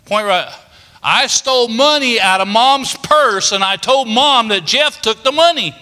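An older man, his voice high and very bright. He tells stories in a folksy, homespun way, with many "uh" fillers. His words ring with the long reverb of a big church hall. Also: a little slow. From Kentucky, United States. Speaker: preacher. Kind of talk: storytelling sermon.

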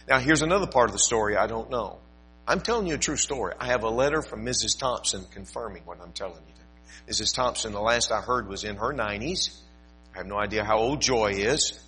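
An older male pastor preaches with a husky, slightly rough voice. His tone is bright and sharp. He tells stories in a folksy way, breaks off for asides, and pushes his voice up for emphasis. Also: fairly low pitch, lively intonation, fairly quick, faint music behind, low-quality recording. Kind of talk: sermon.

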